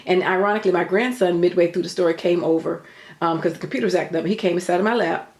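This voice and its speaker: A woman's voice: lowish voice, fairly even intonation, fast, a little mellow, roomy sound. An older woman telling a story in an earnest, chatty way, full of faith talk. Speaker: vlogger. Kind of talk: casual storytelling.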